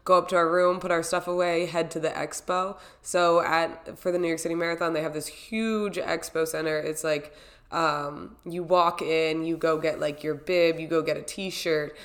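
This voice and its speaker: A young woman tells her story in a loose, chatty vlog recap. Her voice sits a little low for a woman, and she rambles from one moment to the next. She acts out her own reactions as she goes. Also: fairly even intonation, moderate pace.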